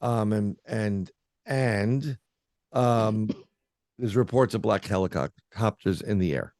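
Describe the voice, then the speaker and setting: Gravelly low-voiced man rambling excitedly. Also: slow pace, no room sound, clean studio sound. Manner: rambling, filler-heavy, restarts, excitable. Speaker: paranormal researcher guest. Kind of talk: casual storytelling in an interview.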